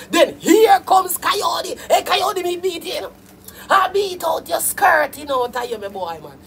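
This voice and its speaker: A Jamaican woman with a high voice hosts a live stream. She talks straight to her viewers in lively patois and calls out to them often. A faint noise sits under her voice. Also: gravelly. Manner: animated, talks back to viewers, patois phrasing. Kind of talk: casual live-stream chat about dancehall.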